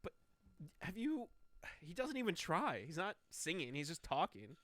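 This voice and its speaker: A man co-hosts a comedy podcast, relaxed and quick to laugh along. His slightly high voice moves up and down a lot. The recording is dry and close-miked. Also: dry recording. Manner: easygoing, laughs often, quick agreeing replies. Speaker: podcast co-host. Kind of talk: casual comedic banter.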